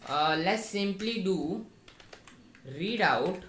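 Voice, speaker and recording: A man walks through a coding tutorial, explaining each step in a slow, instructive way. His voice sits on the low side, and the unhurried pace leaves room between his phrases. The room is echoey, with faint keyboard typing underneath. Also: lively intonation, a bit bright, slight background noise. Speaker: programming tutor. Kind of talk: screen-recorded coding tutorial.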